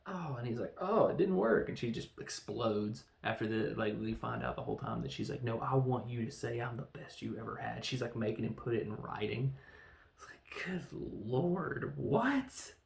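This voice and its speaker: A man hosting a casual film review podcast, rambling through the plot and briefly acting out characters in quick voices. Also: mid-range voice, flat delivery, vocal fry, reverberant. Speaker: podcast host reviewing films.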